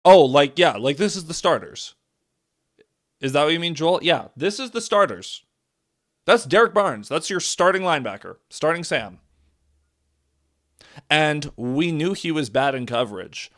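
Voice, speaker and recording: A man's voice: fairly high pitch, animated, unhurried, pauses often. A man doing live reaction commentary on a football game, calling plays and reacting with exasperation. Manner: exasperated, frequently shouts and laughs in disbelief.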